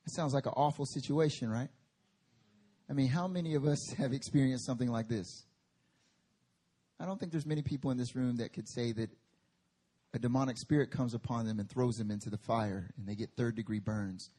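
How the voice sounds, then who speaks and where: Husky-voiced male preacher. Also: mid-range voice, fairly quick. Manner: conversational, rising to forceful emphatic bursts. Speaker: pastor. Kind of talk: sermon. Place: church service.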